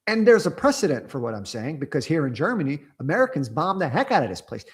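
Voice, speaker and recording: A male podcast host chats casually, rambling and excitable, with many restarts and fillers. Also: fairly high pitch, fast, breathy edge. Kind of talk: casual interview chat. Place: Germany.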